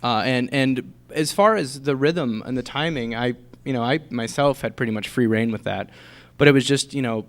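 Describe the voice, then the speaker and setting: A man's voice: mid-range voice, normal speed. A man answering thoughtfully with many fillers as an actor at a post-screening Q&A on a theater stage. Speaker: actor on a panel.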